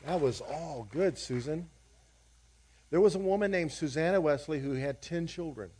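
A man's voice: fairly high pitch, normal speed, darkish tone, slightly rough. A male pastor encouraging his congregation and giving church announcements. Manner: encouraging, declarative.

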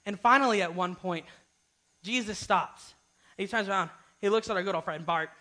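A man's voice: high voice, normal speed, sharp tone, low-quality recording. A young man giving a casual youth sermon, informal and often asking "right?". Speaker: youth speaker.

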